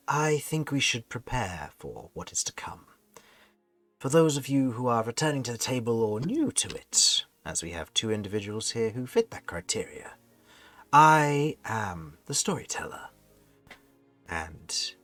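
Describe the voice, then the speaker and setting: A man's voice: medium pitch, a bit bright. A man acting as game master for a tabletop game, greeting the players and then narrating a recap like a storyteller. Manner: theatrical storyteller recap, drawn-out phrasing.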